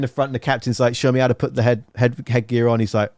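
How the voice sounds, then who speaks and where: A man hosting a casual interview podcast, telling long rambling stories in an animated way. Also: lowish voice, very fast, few pauses, no echo, clean studio sound. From England. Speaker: podcast host.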